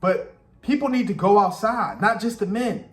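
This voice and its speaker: A man with a high voice gives casual reaction commentary. He speaks bluntly and emphatically and repeats his points. The room around him is echoey. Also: moderate pace. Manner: blunt, repetitive, emphatic opinions. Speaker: commentary host reacting to a podcast clip.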